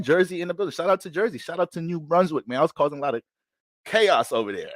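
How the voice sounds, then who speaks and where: A man hosting an astrology livestream, talking in a loose, slangy, animated storytelling way. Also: fairly high pitch, fast, no room sound, studio quality. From Bronx, New York. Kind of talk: casual livestream chat.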